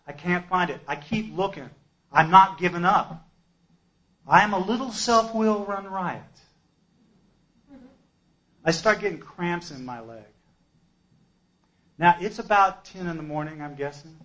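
A man giving a personal testimony at a recovery meeting, an emphatic storyteller who swings between loud outbursts and hushed asides. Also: high voice, measured pace, pauses often, dull audio.

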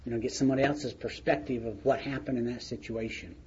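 A middle-aged man shares his recovery story at a recovery meeting, speaking plainly, storytelling and chuckling along the way. His medium-pitched voice is steady, fast, and darkish in tone, captured in a muffled lo-fi recording with faint noise.

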